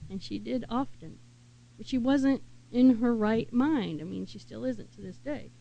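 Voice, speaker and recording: A woman preaching a sermon in an earnest, unhurried way and asking her listeners many questions. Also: on the high side, creaky, mellow, muffled recording.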